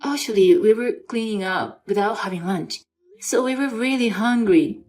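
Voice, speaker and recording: A woman's voice: medium pitch, normal speed, darkish tone, soft background music, lightly acted. A woman voicing a selfish, demanding young husband in a scripted story reading, in her own plain voice. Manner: demanding, dismissive.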